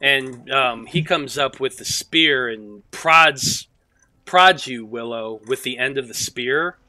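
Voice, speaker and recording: A man's voice: mid-range voice, takes it slowly, pushed and bright, no echo, low-quality recording. A man narrating as game master, loose and profane, often restarting his sentences.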